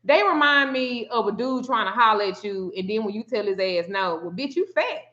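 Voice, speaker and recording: A woman telling a story in a casual chat, animated and profane, often acting out the quotes. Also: medium pitch, a little fast. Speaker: spiritual reader and vlogger. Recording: muffled lo-fi sound.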